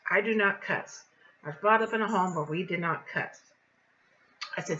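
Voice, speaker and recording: Indignant older woman vlogger, bright voice. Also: on the low side, normal speed, pauses often, muffled recording. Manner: indignant, animated retelling. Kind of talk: casual storytelling vlog.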